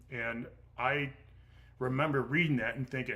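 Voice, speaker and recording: A middle-aged man talks loosely through viewer questions on a livestream. His voice is bright and a little tense, his speech blunt and salted with profanity. He rambles, restarts and leans on fillers as he goes. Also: medium pitch, steady tone, moderate pace. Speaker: strength coach answering viewer questions. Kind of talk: casual livestream Q&A.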